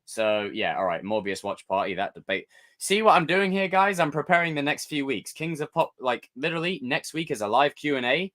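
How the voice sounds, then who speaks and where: A man hosts a casual live stream, reacting to chat with jokes and mock outrage. His pitch rises and falls widely as he talks. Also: a little fast. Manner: animated, jokey, talks to chat.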